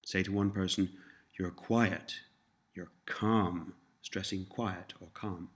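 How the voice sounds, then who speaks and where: Male lesson narrator, lowish voice, unhurried delivery, repeats each phrase for the learner. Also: steady tone. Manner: slow, measured prompts, repeating each phrase twice. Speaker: language course narrator. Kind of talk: scripted language lesson narration.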